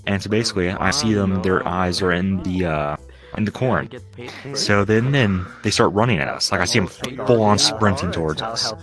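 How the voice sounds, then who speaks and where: A man's voice: low voice, normal speed, music in the background. A man telling a story in a casual interview, blunt and swearing freely.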